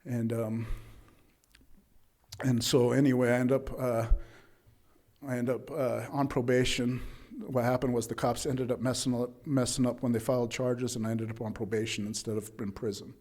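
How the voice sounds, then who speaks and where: A man at a recovery meeting recounting his own story at an average pitch. He talks loosely and conversationally, leaning on "right?" and plenty of fillers. He slips into the voices of the people in his story. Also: level tone, moderate pace, a little mellow. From Utah, USA. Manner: acts out dialogue of others in his story. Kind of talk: personal recovery testimony.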